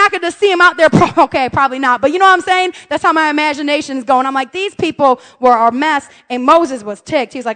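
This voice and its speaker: A woman's voice: high voice, brisk, fairly bright tone. A woman pastor preaching a humorous, conversational sermon, acting out scripture voices and her family's quarrels. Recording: long reverb of a church hall.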